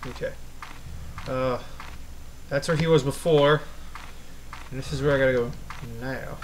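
A man commentating a horror game as he plays, easily spooked, swearing and yelling at the monster. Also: medium pitch, fairly even intonation, measured pace, noisy background. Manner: jumpy, swears a lot, yells at the monster. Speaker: gaming channel host.

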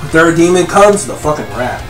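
A man reviewing a manga chapter as a live reaction, talking in an excitable, profane way and breaking into yells. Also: fairly high pitch, moderate pace, soft background music. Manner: excitable, profane, yelling in bursts.

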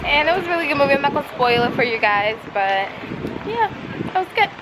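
A woman's voice: high-pitched, sing-song, fast talker, music in the background, poor audio. A woman chatting casually and laughing through a family vlog. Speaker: family vlogger.

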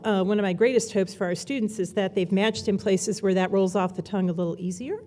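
A woman's voice: mid-range voice, dark tone. Gracious older woman dean speaking. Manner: gracious, reminiscing. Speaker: medical school dean. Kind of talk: ceremony speech. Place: hotel ballroom.

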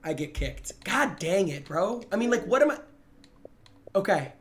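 A young man streaming a game, chattering excitedly to his chat in slangy, excitable commentary. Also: high voice, a little slow. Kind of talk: live gaming commentary.

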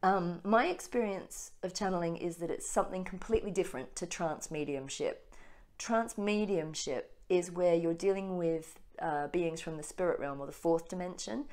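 A woman with an Australian accent, co-hosting a casual spiritual chat and talking quickly with many restarts. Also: low voice. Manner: fast-talking. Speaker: co-host.

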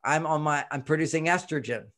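This relationship author, speaking as an expert guest, talks fairly quickly in a slightly high voice during a relaxed interview. He explains things animatedly, performing the voices he quotes and frequently chuckling.

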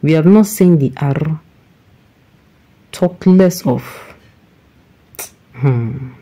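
Nigerian woman reading news then ranting, emphatic and fed up, soft dark voice. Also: sits low, drawn-out words. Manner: emphatic, exasperated, mixing in pidgin. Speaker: news presenter and commentator.

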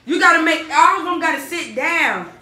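A woman, excitedly exclaiming and calling out names during a family prank at home. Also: very high voice, normal speed, reverberant, slight background noise. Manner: exclaims over and over, calls the kids loudly. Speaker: family vlogger. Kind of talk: playful family prank vlog. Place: home living room.

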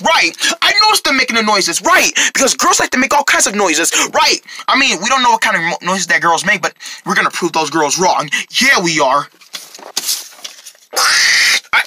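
A man performing a comedy skit, voicing excitable characters who burst into shouts. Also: high-pitched, husky, no echo.

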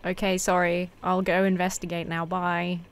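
A woman's voice: fairly low pitch, monotone, normal speed, clean tone. A woman, playing a game on camera, exasperated and swearing at the characters. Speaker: gaming youtuber. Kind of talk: casual gaming commentary.

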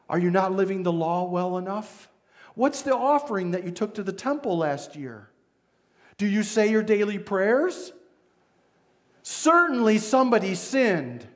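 A pastor with a Midwestern American accent preaching a sermon, retelling the story dramatically and voicing its figures. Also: male voice, high-pitched.

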